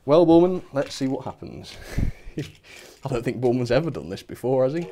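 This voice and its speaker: A man's voice: mid-range voice, sing-song, moderate pace, warm tone, slight background noise. A young man hosting a livestream in a casual, chatty way, laughing often and talking to his viewers. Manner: chatty, giggly, self-mocking, reads chat aloud. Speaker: host of a model railway livestream.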